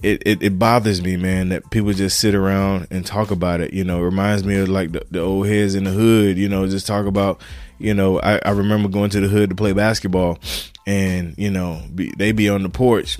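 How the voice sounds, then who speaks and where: A man's voice: sits low, level tone, a little fast, a little mellow, no echo. A middle-aged man hosting his own podcast, talking in a fired-up, preachy way and calling his listeners "man" and "y'all". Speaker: podcast host. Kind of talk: casual motivational podcast monologue.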